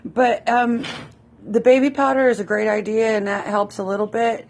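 A woman's voice: on the high side, steady tone, normal speed, creaky. A woman leaving a friendly, chatty voice message. She repeats herself and giggles as she talks. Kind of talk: casual voice message.

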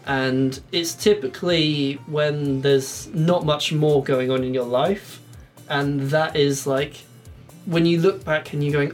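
A man's voice: fairly high pitch, steady tone, slow, soft background music. Rambling, laughing English man. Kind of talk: casual chat. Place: shed studio.

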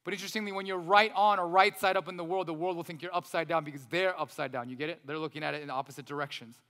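A man in his thirties preaching a sermon as pastor, animated, with joking asides to the congregation. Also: a little high, very fast. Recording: reverberant hall.

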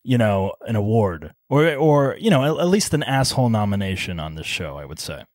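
A man's voice: lowish voice, very animated, brisk, darkish tone, dry recording, studio quality. A man in his forties hosting a comedy podcast, telling jokey, self-deprecating stories in a loose, casual chat. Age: 40s. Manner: joking, self-deprecating storyteller. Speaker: podcast host.

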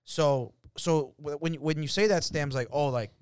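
A young man with a slightly high voice talks in casual podcast chat, stumbling and repeating words as he gets his point out. He is a DJ, recorded close and dry. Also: smooth, no echo. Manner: halting, repeats words while searching for them.

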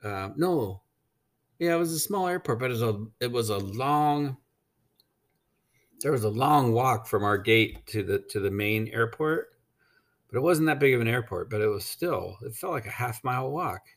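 With an animated, medium-pitched voice at normal speed, an American man shares a casual travel anecdote. It's rambling and blunt, peppered with swear words and ums.

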